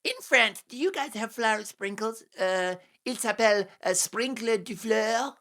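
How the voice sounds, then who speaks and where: A man mimicking a smug celebrity woman, airy and high. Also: unhurried, sharp tone, heavily acted. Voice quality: breezy, self-satisfied, sing-song. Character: mocking impression of a preening celebrity woman.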